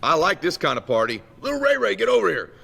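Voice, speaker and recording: Brief: rowdy middle-aged dad, as a man puts him on, lively and loud, long reverb. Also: high-pitched, fast talker, vocal fry, husky, pitched above the performer's own voice, full character voice. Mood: gleeful. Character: gruff, amused neighbor father, middle-aged man.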